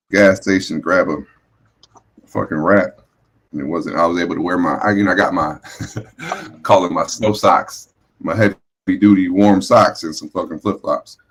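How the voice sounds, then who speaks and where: A man's voice: low-pitched, breathy edge. A man hosting a casual livestream morning show, laid-back and swearing, greeting his chat. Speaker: host. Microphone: streaming setup microphone.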